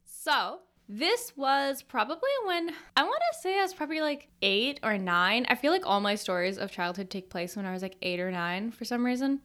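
Bright-voiced young woman telling stories. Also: a little high, lively intonation, normal speed, few pauses. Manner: chatty, many "like" fillers. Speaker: podcast host. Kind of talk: casual personal storytelling.

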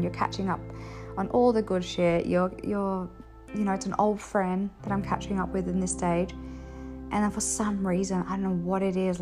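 A young adult woman talking frankly to camera in a casual confessional vlog, expressive and blunt, swearing freely and laughing between points. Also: fairly low pitch. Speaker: vlogger sharing her experience.

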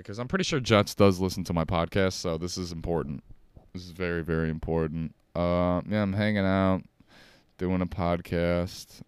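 A man's voice: low voice, clean tone, no room sound. A man hosting a solo podcast from his couch, rambling in a laid-back, profane way. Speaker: podcast host. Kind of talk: casual solo podcast rant. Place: home couch.

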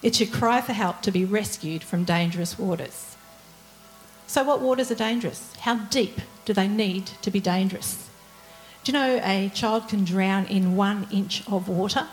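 A woman's voice: mid-range voice, soft background music, poor audio. A woman preaching a sermon in an earnest, pleading way, asking her listeners many rhetorical questions. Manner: earnest and pleading, slowing down for emphasis.

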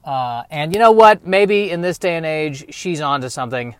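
A man's voice: a little high, lively intonation, normal speed, smooth, dry recording. A man in his thirties hosting a podcast, rambling through a self-deprecating comedic monologue. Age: 30s. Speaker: podcast host.

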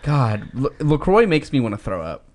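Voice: mid-range voice, normal speed. A co-host in casual chat who tells things dramatically and emphatically. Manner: emphatic, dramatic storytelling with a lively voice.

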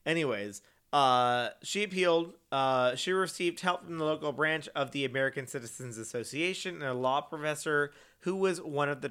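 A man's voice: mid-range voice, fairly bright tone, clear, resonant tone. A man hosting a casual true-crime podcast, chatty and joking, with many fillers and restarts. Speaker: podcast host.

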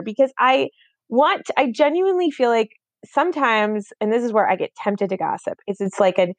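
A woman's voice: fairly high pitch, moderate pace, dry recording. A woman in her thirties co-hosting a podcast, rambling in a casual chat with many fillers and restarts. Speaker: podcast co-host.

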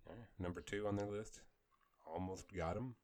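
A man's voice: deep voice, normal speed, a little mellow. A man co-hosting a casual podcast chat, laid-back, at times reading from a list. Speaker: podcast co-host.

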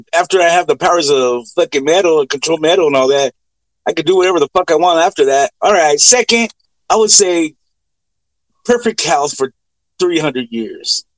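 A man chatting casually, relaxed and a bit hesitant, with casual swearing. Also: fairly high pitch, moderate pace, no echo, low-quality recording. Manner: laid-back, profane, hesitant. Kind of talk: casual chat.

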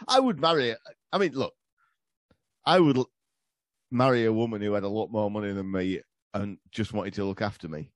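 A man from England with a voice on the low side talks at normal speed with long pauses, recorded in clean studio sound with no echo. He's a podcast guest in casual comedy chat, laughing as he tells crude stories full of swearing.

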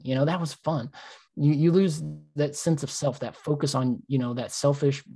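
Animated, swearing man telling stories. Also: on the high side, normal speed, slightly rough. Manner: animated storytelling, acting out his own thoughts, frequent swearing. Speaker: podcast co-host. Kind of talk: casual podcast chat.

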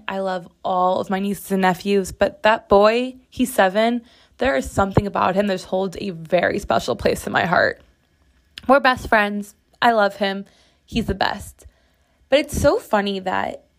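A woman hosts a solo podcast from her bathroom floor. She chats casually and candidly, swearing freely and speaking with open, expressive emphasis. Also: mid-range voice. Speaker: podcast host.

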